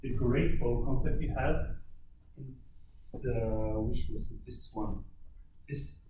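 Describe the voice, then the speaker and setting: A man coaching a violin student, encouraging and halting, often restarting his sentences. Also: mid-range voice, noisy background. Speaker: violin teacher. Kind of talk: one-on-one lesson feedback. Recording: very echoey, distant mic, violin playing.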